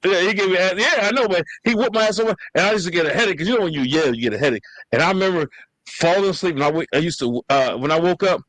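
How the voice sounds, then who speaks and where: A man hosting a podcast, telling family stories in a casual, animated and profane way. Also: high voice, racing, dry recording, low-quality recording. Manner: animated storytelling, slangy and profane. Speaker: podcast host.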